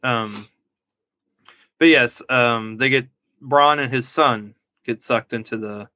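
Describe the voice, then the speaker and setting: A man's voice: medium pitch, slow pace, sharp tone, no room sound. A man co-hosting a casual movie review podcast, rambling and laughing at his own jokes. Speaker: podcast co-host.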